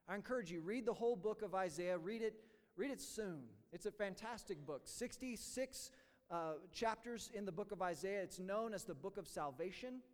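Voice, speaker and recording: Brief: man, high voice, pastor preaching to his church in a big reverberant room, light jokes giving way to earnest teaching, halting and repetitive. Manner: joking, then earnest teaching; halting, repeats words. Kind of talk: sermon. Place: church sanctuary.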